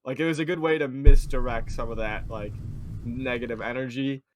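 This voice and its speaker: A man at an ordinary pitch, co-hosting a podcast in loose, rambling casual chat as he retells scenes. A faint hiss of background noise sits under his voice. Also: steady tone, moderate pace. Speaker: podcast co-host.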